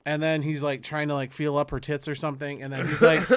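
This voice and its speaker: High-voiced man recapping a movie, profane. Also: little pitch movement, fast. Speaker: podcast co-host. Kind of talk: casual chat.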